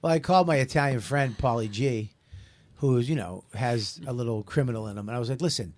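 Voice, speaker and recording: Brief: male host, mid-pitched, animated comedic storyteller. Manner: animated storytelling, quick laughs. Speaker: radio show host. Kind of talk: casual comedic banter.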